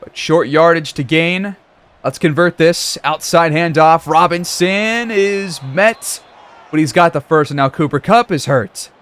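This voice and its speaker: Guy doing play by play on his football game, gets loud on big plays, kinda high voice. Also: normal speed. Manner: excitable, reacts loudly to plays. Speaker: gaming commentator.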